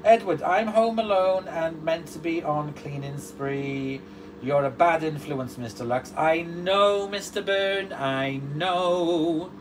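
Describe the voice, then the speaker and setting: A man's voice: fairly high pitch, takes it slowly. A man hosting a casual livestream, reading out viewer comments and answering them beside a running washing machine. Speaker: livestream host. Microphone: distant mic. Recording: distant mic with steady background noise.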